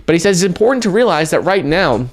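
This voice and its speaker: A man hosting a crypto news vlog, talking in an energetic, casual way with fillers and restarts. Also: sits high. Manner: energetic, talks in quick runs with fillers and restarts. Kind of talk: casual news commentary to camera.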